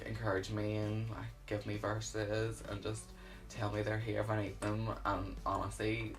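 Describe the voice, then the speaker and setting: A young man, sharing his personal faith testimony in an earnest, halting way with many fillers. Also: lowish voice, vocal fry, low-quality recording. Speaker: YouTuber.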